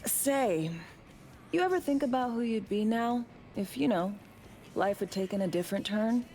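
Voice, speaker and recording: A woman's voice: on the high side, expressive, moderate pace, dark tone, soft background music. A woman voicing a weary female corporate operative in video game dialogue, talking in a tired, candid and subdued way.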